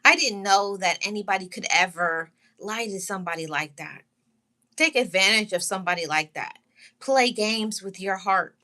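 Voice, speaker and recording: Bright-voiced woman, tearful heartfelt testimony. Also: mid-range voice. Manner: heartfelt, repetitive, pausing and restarting, greets live chat. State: holding back tears. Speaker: channel host sharing her story. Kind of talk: emotional personal testimony to viewers.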